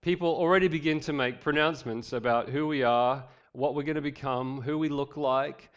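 Aussie pastor guy preaching, acts out the quotes, cracks jokes, kinda muffled low-fi recording. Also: normal speed. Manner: animated reading with voiced quotes, joking asides. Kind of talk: sermon.

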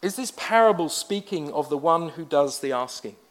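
A man's voice: a little high, animated, normal speed. A man, a pastor telling a personal story in a conversational sermon with wry asides.

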